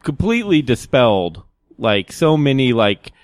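Rambling animated man telling a story. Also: medium pitch, moderate pace, no echo, studio quality. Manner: rambling storyteller, many fillers, laughs often. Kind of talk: casual chat.

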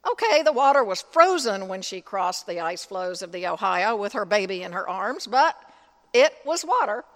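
A woman priest giving a sermon, deliberate and measured, with dramatic pauses. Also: mid-range voice, very animated, long reverb tail. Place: church.

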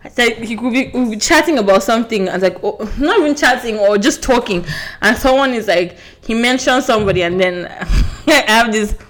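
Animated laughing woman chatting. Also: fairly high pitch, a little fast, few pauses. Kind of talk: casual chat.

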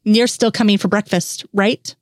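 A woman's voice: mid-range voice, steady tone, normal speed, no echo, studio quality, lightly acted. A woman voicing an older, worried mother with a fussy, motherly way of talking. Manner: fussy, motherly, scolding at times.

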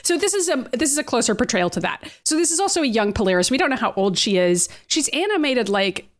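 A woman's voice: fairly high pitch, quick pace. A young woman co-hosting a casual recap chat, laughing often and swearing freely. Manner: animated, laughs often, swears freely, acts out quoted lines. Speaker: podcast co-host.

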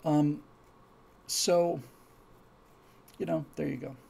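A man's voice: fairly high pitch, steady tone, takes it slowly, gravelly, a little mellow, slightly rough. A man hosting a live stream, rambling through opinionated commentary and reading out viewer comments, heated and emphatic, repeating words as he gets worked up.

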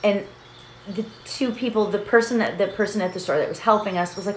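A woman's voice: medium pitch, fairly quick. A middle-aged woman hosting a meditation session in a casual, chatty way, laughing often and checking in with her listeners. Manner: chatty, laughs often, keeps asking "right?". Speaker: meditation host. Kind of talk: casual chat leading a meditation. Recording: roomy echo with faint background noise.

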